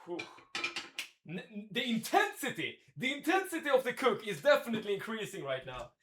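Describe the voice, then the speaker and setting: A man with a high, somewhat bright voice sounds very animated as he cooks on a livestream from his home kitchen, speaking at normal speed. He thinks aloud and chats with his viewers, with slight background noise behind him.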